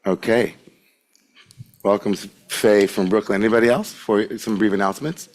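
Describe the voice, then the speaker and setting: On the low side and a little mellow, this man's voice holds a fairly even intonation at a normal speed. He's a congregation's service leader in the sanctuary on a Friday evening, welcoming the people present and running through announcements in a chatty, joking way peppered with filler "likes."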